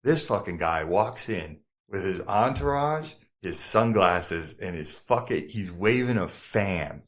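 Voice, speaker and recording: A middle-aged man with a New Jersey accent tells a story from his past to a podcast host. His voice sits low, and he keeps the story moving with profanity and quick impressions of the people in it. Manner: animated, profane, acts out other people's lines. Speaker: podcast guest, former model. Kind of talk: casual storytelling interview.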